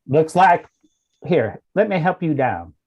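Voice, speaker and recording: A man's voice: a little high, big pitch swings, darkish tone, full character voice. A man playing a lovestruck husband. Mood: smitten. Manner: halting, sentimental. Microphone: video call.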